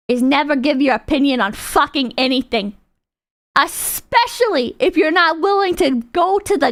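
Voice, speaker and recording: A high, bouncy woman's voice ranges widely as she rambles through tangents on her stream. She curses freely and laughs often. The recording is dry and close. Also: a bit bright, no echo. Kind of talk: casual reaction chat.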